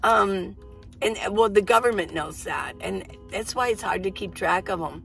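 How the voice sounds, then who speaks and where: A woman's voice: medium pitch, moderate pace, creaky, fairly bright tone, soft background music, poor audio. A middle-aged woman hosting a casual, rambling coffee-chat vlog from her minivan. She laughs often as she talks. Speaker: vlogger. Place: inside a minivan.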